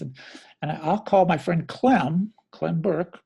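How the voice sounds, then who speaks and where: Gravelly, warm and husky, this middle-aged man's fairly high voice moves at normal speed. An interviewed drummer from the American Midwest, he rambles through casual stories, correcting himself often and voicing quotes.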